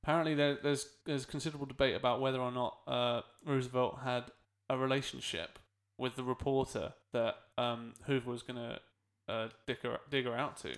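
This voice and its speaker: A man's voice: mid-range voice, level tone, brisk, hardly any pauses. A man co-hosting a podcast in casual chat, rambling and correcting himself as he goes. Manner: rambling, self-correcting, laughs often. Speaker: podcast co-host.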